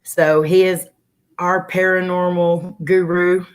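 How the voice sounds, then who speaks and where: A woman's voice: on the low side, little pitch movement, slow pace. Chatty woman hosting a livestream. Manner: chatty, greets viewers by name. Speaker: livestream host. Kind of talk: casual livestream chat.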